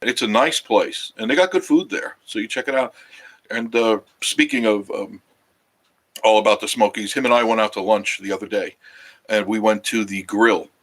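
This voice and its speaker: A man's voice: on the low side, moderate pace, fairly bright tone. Tired, rambling man chatting with viewers. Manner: rambling, chatty, loses his train of thought. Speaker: travel vlog host. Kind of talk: casual live-stream chat with viewers. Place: cabin living room, sitting on a couch.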